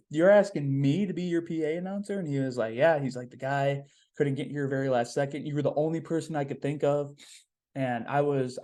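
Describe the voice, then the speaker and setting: Warm and mid-range, this young man's voice carries a laid-back solo podcast. He's chatty and positive, drifting from point to point with frequent "um"s and phrases he circles back to.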